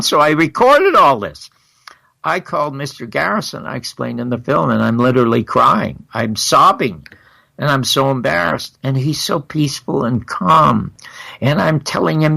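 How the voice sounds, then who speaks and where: An older man, a guest in an interview, recounting stories in an animated way and acting out the exchanges he quotes. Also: mid-range voice, normal speed, creaky. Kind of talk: storytelling in a long interview.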